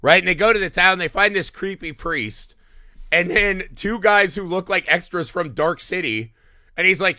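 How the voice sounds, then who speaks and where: A man co-hosting a movie podcast, retelling scenes in a profane, animated way with quick mock voices. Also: high voice, no room sound, studio quality. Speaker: podcast co-host. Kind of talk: casual movie-review chat.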